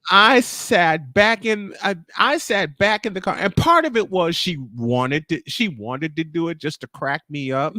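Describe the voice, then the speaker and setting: Animated storytelling man, slightly high. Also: unhurried, few pauses, no room sound. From Chicago. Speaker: show host. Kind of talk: casual podcast chat.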